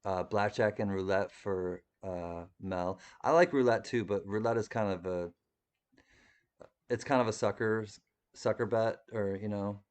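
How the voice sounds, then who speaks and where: A man with a lowish, slightly mellow voice speaks at a measured pace while hosting a live stream. He reads viewer comments in a casual, rambling chat, laughing often. His talk is chatty with many restarts.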